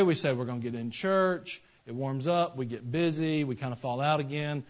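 A man's voice: mid-range voice, moderate pace, few pauses, dull audio. A male pastor preaching a sermon in a folksy, conversational way that builds into emphatic passages.

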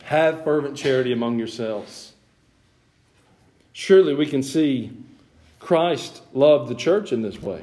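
Preacher, man, sinus-strained squeaky creaky voice, folksy asides, rising to loud emphatic peaks. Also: unhurried, pauses often. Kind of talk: sermon.

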